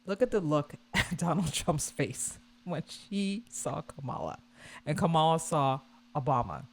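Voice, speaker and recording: Low-voiced woman doing casual reaction commentary. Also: a little slow. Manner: animated, repetitive, scornful. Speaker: commentary vlogger.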